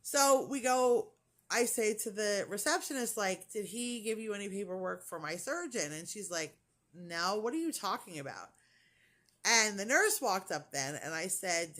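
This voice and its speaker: A woman's voice: mid-range voice, fairly bright tone. Chatty indignant middle-aged woman vlogger. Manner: chatty and indignant, quoting others, frequent likes and sighs. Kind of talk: casual storytelling vlog.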